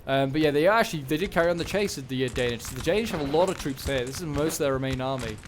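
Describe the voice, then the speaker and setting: A man's voice: on the high side, rapid-fire, noisy background. A man casually commentating a video game battle, musing aloud with lots of fillers and self-corrections. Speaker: gaming commentator. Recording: loud gunfire from game audio under voice. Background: game battle sounds, gunshots.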